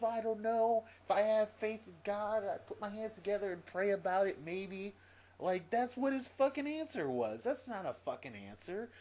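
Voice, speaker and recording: A video blogger vents to camera in a profane opinion rant, exasperated and repeating his points. He swings between a low mutter and loud outbursts.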